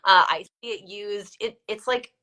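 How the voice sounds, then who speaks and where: A woman's voice: mid-range voice, a little slow, sharp tone. A woman co-hosting a casual live-stream discussion, speaking emphatically and repeating words for stress. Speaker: co-host.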